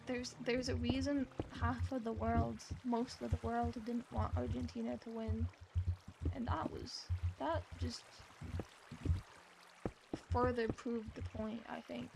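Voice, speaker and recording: Streaming a game, an American woman chats casually and rambles, swearing now and then. Her voice sits a little high and gravelly, with flat, slow delivery over a noisy background. Her accent is neutral American, though some of her words sound British.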